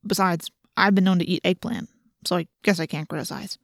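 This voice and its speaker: A woman's voice: fairly low pitch, steady tone, fairly quick, gravelly, no room sound. A woman voicing a wisecracking teenage boy who grudgingly mutters an apology, in a dry-sounding audiobook reading.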